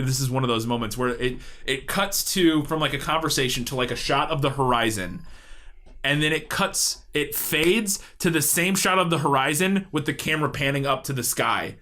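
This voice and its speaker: A man's voice: medium pitch, pushed and bright. A man co-hosting a comedy podcast, rambling through a movie with frequent laughter and casual swearing. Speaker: podcast co-host.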